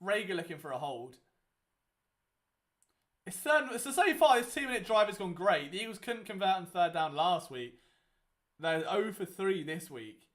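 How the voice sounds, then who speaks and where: Young guy rambling through a live game watchalong, pretty high voice. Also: big pitch swings, moderate pace, long pauses, fairly bright tone. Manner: chatty, rambling, many fillers. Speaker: watchalong host. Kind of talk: casual live game commentary.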